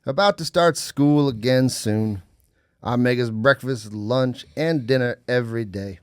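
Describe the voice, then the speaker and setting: A comedian reading the part of a gentle, slow Southern widower in a plain, even voice at a mock audition. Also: male voice, mid-range voice, clear, resonant tone, no room sound, clean studio sound, close to an everyday voice. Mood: earnest.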